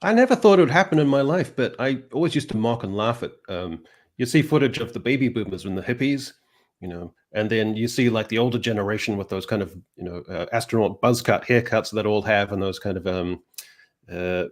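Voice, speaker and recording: A man's voice: on the low side, fairly quick. A man on a livestream panel, rambling through his points with many fillers. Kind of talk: casual chat.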